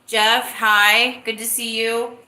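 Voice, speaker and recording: A woman's voice: on the high side, level tone, slow pace, bright, forceful tone, reverberant. A woman hosting her own live-stream podcast, talking casually and greeting viewers in the chat. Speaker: livestream podcast host.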